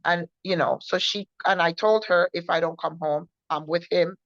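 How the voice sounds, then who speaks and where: Low-voiced woman giving earnest testimony. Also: fairly even intonation, a bit bright, no echo. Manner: earnest, halting, with many repetitions and restarts. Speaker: guest sharing a personal testimony. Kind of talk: personal testimony storytelling. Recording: dull lo-fi recording.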